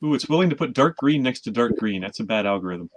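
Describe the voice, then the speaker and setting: A man's voice: mid-range voice, expressive, fast talker, no room sound. A man at an online movie night, giving dry, knowing remarks about films. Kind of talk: casual group chat.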